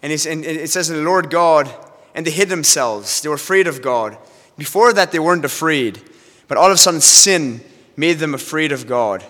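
Male preacher, earnest, forceful tone, slightly high voice, long hall reverb. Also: normal speed. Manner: earnest, repetitive, restarts often. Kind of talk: sermon reading scripture.

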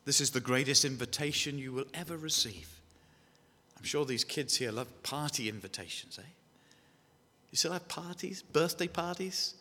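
A man's voice: medium pitch, moderate pace, pushed and bright. A man with an English accent preaching a sermon, repeating key phrases and putting questions to his listeners. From England. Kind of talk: evangelistic sermon. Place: church hall. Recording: echoey hall with long reverb.

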